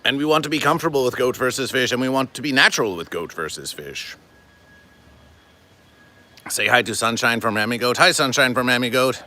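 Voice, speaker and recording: A man hosting a comedic livestream, talking to his chat in a deadpan, stilted, formal way and calling himself by his show's name. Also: medium pitch, brisk. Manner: deadpan, stilted formal phrasing, refers to himself in third person. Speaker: livestream host.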